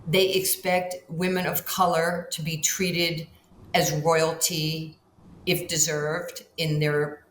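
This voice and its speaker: An older woman tells stories in an interview, her voice sitting fairly low. She acts out quoted lines with big swings in pitch. The sound carries an echoey room with faint ambient hiss. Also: flat delivery, slow pace. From Far Rockaway, Queens, New York. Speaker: guest, basketball Hall of Famer. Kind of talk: storytelling in a podcast interview.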